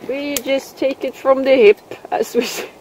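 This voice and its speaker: A woman's voice: high-pitched, fairly even intonation, normal speed, a little mellow, a little hiss or hum. A woman with a Swedish accent, chatting to viewers in a casual outdoor vlog while she cooks over a fire in winter, full of exclamations. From Sweden. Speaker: outdoor vlogger.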